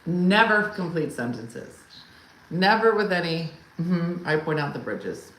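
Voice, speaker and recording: A woman's voice: fairly low pitch, expressive, a little slow. A woman hosting a casual live comedy stream. She chats with viewers and tells wry, exasperated stories about her partner. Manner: chatty storyteller who answers viewer comments; wry and exasperated, imitates her husband loudly. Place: home room for a live stream. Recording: echoey room with faint ambient hum.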